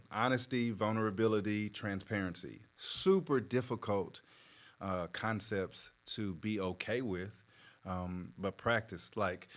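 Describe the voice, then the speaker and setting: A man working as a therapist, explaining in a measured, patient way with plenty of fillers. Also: lowish voice. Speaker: therapist guest. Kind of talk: conversational explanation.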